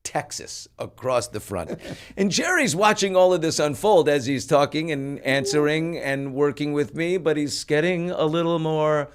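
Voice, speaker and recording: Brief: older male host, lively storyteller, self-mocking, plays every part. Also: fairly high pitch, moderate pace, clear, resonant tone. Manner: animated, self-mocking, acts out quotes. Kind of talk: casual storytelling on a talk show.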